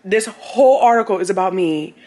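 A woman's voice: medium pitch, animated, fairly quick, mellow. A young woman vlogging casually, often laughing and exclaiming in disbelief. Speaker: lifestyle vlogger. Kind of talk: casual vlog chat.

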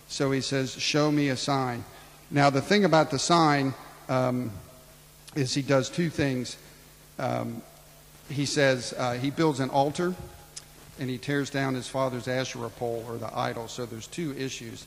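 A man preaching a sermon, acting out Bible dialogue in his own voice and swinging between loud and hushed. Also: mid-range voice, normal speed, big-room sound, low-quality recording. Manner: preaching with acted-out Bible dialogue, rising and falling in volume. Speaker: pastor.

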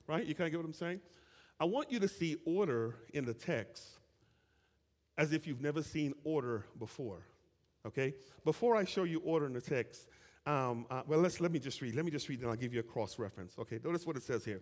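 A male pastor preaching a sermon to his congregation, reading scripture and asking the listeners to call out answers, with casual asides between verses. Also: medium pitch. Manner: animated preaching with call-and-response questions to the congregation; conversational asides and quick restarts while reading scripture. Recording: long reverb of a church hall.

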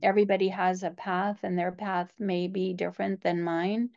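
A woman's voice: fairly low pitch, level tone, normal speed, vocal fry, darkish tone, highs cut off. A woman guest in a casual faith conversation, earnest and reflective. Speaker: podcast guest.

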